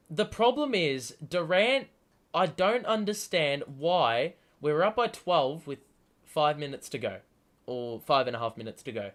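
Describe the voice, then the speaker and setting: Excitable, cursing man on a live stream. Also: a little high. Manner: excitable, swears often, talks back at the players. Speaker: host. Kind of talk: live sports watchalong commentary.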